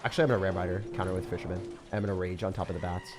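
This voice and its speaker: A man's voice: deep voice, flat delivery, rapid-fire. A young man giving casual, chatty gameplay commentary as a channel host. He talks in slang, jokes around and laughs often.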